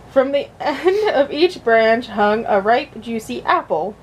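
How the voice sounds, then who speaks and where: A woman's voice: on the high side, expressive, slow, breathy edge. A woman vlogger reading a children's storybook aloud and breaking off into chatty, joking asides.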